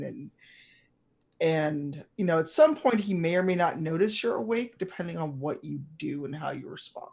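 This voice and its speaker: A game master narrates a tabletop game scene at a middle pitch, rambling along with fillers and restarts. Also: moderate pace, darkish tone.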